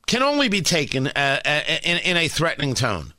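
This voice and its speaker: A man hosting an opinionated talk radio commentary, emphatic and animated, with hesitant fillers. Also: on the high side, moderate pace, few pauses, dry recording.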